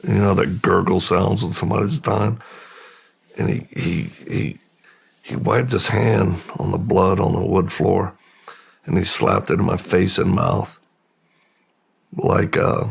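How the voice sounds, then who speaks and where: A middle-aged man telling a personal story as a podcast guest, slow and halting, with pauses and restarts. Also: low-pitched, fairly even intonation. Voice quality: gravelly, husky. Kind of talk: personal testimony in a long-form interview.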